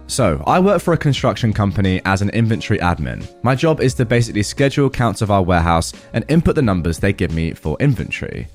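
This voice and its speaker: A man hosting a podcast, reading online stories aloud with lively, dramatic emphasis. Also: on the low side, fast, soft background music. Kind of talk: narrating reddit stories.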